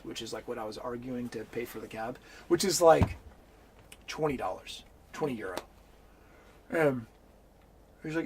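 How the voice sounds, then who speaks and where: A man telling a story in an interview, animated and swearing freely as he acts out the people in it. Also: medium pitch, moderate pace, long pauses, noisy background. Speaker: interview guest. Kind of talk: casual storytelling.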